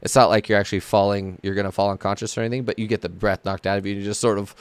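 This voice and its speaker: Rambling low-voiced male game master. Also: level tone, rapid-fire, hardly any pauses, clear, resonant tone, dry recording. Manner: rambling, laughing, frequent fillers. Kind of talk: narrating a tabletop game.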